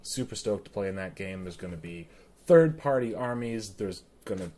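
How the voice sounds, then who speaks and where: A man's voice: fairly low pitch, expressive, normal speed, warm tone. A man co-hosting a podcast in casual chat, playful and enthusiastic. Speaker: podcast co-host.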